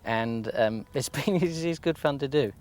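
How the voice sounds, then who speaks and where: A man's voice: medium pitch, measured pace, a little mellow. A man, a comedy actor, talking wryly and self-deprecatingly about his work in a documentary interview.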